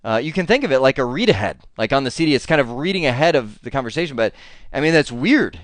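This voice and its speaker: A male instructor explains technical material in a loose, conversational way, often stopping to restart his sentences. His voice sits at an ordinary middle pitch. The recording is dry and close, with no room echo. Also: sing-song, fast talker. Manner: conversational, many fillers and restarts. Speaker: networking instructor. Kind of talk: technical lecture.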